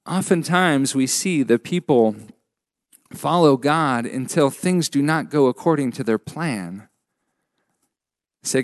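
A man preaching a sermon as a pastor, measured and emphatic with frequent pauses. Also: medium pitch, expressive, no room sound, clean studio sound.

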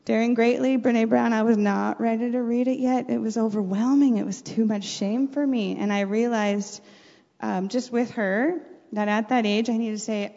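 Middle-aged mom, fry-laden and mellow, earnest faith storyteller; dull, reverberant recording. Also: female voice, a little high, moderate pace. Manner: earnest, faith-centered, animated when retelling. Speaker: mother and podcast guest. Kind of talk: reflective personal storytelling.

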